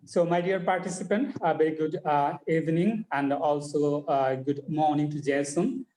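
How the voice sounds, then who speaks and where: Host, male, formal and halting with fillers; mellow voice, roomy call sound. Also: fairly high pitch, steady tone. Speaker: webinar host. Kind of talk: formal introduction. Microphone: video call.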